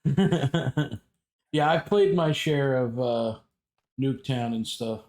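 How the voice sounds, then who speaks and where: A man's voice: medium pitch, slow pace. A man chatting casually with friends, telling a story and acting out the quoted lines. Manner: animated retelling, acts out quoted dialogue. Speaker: streamer telling a story in group voice chat.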